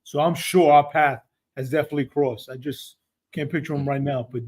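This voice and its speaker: A man's voice: a little high, fairly even intonation, fairly quick, a little mellow. A man, a retired undercover officer, answering podcast questions in a conversational way, often saying "I mean". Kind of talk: interview answers.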